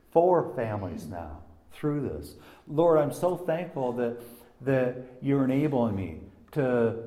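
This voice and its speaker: A man teaching an informal sermon from a personal story, animated and halting, swinging between loud emphasis and hushed speech. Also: medium pitch, reverberant. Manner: halting, restarts sentences. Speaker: Bible teacher.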